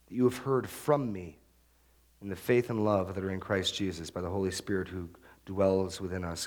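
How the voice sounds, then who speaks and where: A middle-aged male pastor preaching an expository sermon, emphatic and repetitive, with sharp upward jumps when he stresses a point. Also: lowish voice. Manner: emphatic, repeats key phrases, rises sharply for stress.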